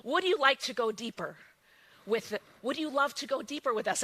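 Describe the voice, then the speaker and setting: A woman giving an emphatic motivational testimony, swinging from hushed lines to exclaiming ones. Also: on the high side, lively intonation, moderate pace, slightly rough. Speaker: guest speaker sharing her story.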